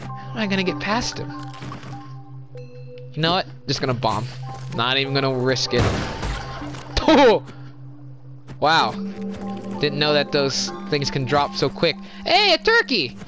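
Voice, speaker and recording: A woman giving casual let's-play commentary, chatty and apologetic, quick to exclaim at what happens on screen. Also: a bass voice, animated. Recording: game music behind voice.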